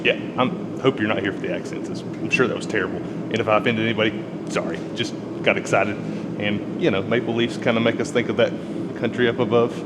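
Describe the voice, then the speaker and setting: A man giving a relaxed, chatty, encouraging blacksmithing demonstration in his workshop, laughing easily as he explains. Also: mid-range voice, a little fast. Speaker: blacksmith instructor. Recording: long reverb with loud air conditioning and vehicle noise.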